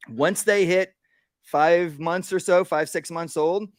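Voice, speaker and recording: A male dog trainer speaks slowly in a slightly high voice during a live workshop demonstration, explaining each step plainly. He checks in often with "right?" and pauses to give the dog short, calm commands. The recording is studio quality with no room sound.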